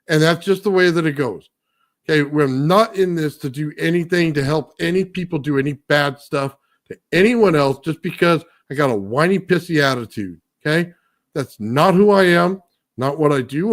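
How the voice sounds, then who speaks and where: A man on a casual talk show, ranting bluntly and profanely and ending nearly every point with "okay?". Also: a little high. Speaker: guest, builder. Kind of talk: heated rant in casual talk.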